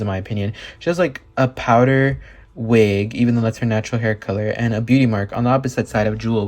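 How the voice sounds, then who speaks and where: A man talking in a casual vlog, gushing and excitable, full of filler words and casual swearing. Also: mid-range voice. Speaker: doll collector and reviewer.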